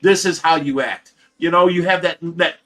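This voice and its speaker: Man, middle-aged, from Ohio, livestream host, casual storytelling, rambling, frequent restarts, bright forceful voice. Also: on the high side, moderate pace.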